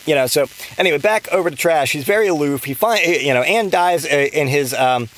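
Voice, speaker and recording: A man's voice: on the high side, animated, brisk, a bit bright, rough recording. A man hosting a podcast, recapping a movie in a rambling, casual way with constant swearing, fillers and restarts. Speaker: podcast host.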